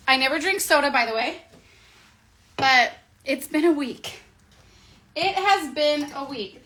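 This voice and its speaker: A woman's voice: high voice, sharp tone, slight background noise. A woman in her thirties from Southern California giving a chatty, bubbly nail tutorial at her home desk, talking to a camera on a tripod. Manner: bubbly, chatty, gushing, quick asides. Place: home desk area, indoors.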